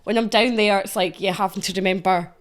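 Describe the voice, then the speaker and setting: A woman's voice: mid-range voice, steady tone, fairly quick. Chatty Scottish woman guest. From Scotland. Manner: chatty, laughs often. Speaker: guest, gig promoter and rap agent. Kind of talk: casual chat.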